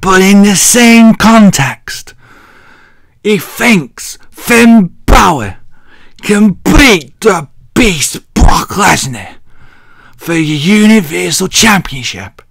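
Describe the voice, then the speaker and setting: A man with a deep voice, rambling jokily through a casual wrestling recap with self-mocking asides. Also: expressive, drawn-out words, vocal fry, a bit bright, no room sound, studio quality. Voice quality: deep, masculine. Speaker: wrestling vlogger.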